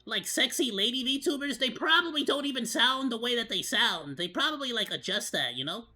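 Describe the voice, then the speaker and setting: Vtuber guy doing a bright squeaky monkey voice, rambly reaction chat. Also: lively intonation, brisk. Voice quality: put-on high cartoonish monkey voice. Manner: rambling, lots of fillers and restarts. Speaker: VTuber streamer. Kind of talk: casual reaction stream.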